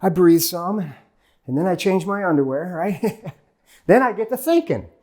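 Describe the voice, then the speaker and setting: The voice is high, animated and darkish, and the man takes his time. A middle-aged keynote speaker, he tells a motivational story to a live audience from the stage, playing out the conversations in it.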